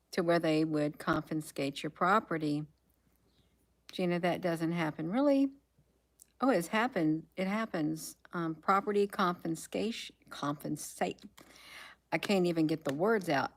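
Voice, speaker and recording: A woman hosting a casual livestream, reading headlines aloud, musing to herself and trailing off with frequent ums. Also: low-pitched. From United States. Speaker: livestream host.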